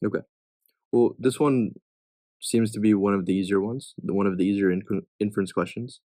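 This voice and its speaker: A man's voice: on the low side, a little fast, dark tone, dry recording. A young man tutoring test questions in a casual way, reading each answer choice and thinking aloud as he rules it in or out.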